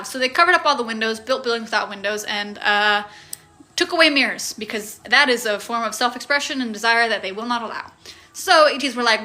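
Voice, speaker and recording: A woman's voice: fairly high pitch, sharp tone. A woman casually recapping a story on a livestream, playful and loose, swearing and making sound effects. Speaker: streamer recapping game lore.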